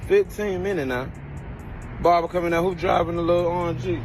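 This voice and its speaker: A man's voice: high-pitched, steady tone, fairly quick, soft background music. A man angrily telling a profane story to camera. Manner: angry, profane, heated.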